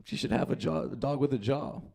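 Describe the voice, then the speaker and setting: A young man telling stand-up stories in a loose, profane, offhand way. He sits at an ordinary middle pitch, chatting as if to friends. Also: fairly quick, vocal fry, a little mellow. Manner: casual, profane, storytelling. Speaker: stand-up comedian. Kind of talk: stand-up comedy set.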